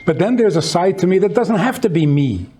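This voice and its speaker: A rabbi teaches conversationally in a very animated, brisk, warm voice. Reflective and fond of storytelling, he raises his pitch whenever he acts out quotes.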